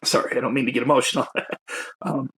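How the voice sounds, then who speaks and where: A man's voice: medium pitch, steady tone, fast talker, a bit bright, breathy edge. A man, a guest poet and educator, telling his personal story in a reflective, openly emotional way with self-conscious laughs.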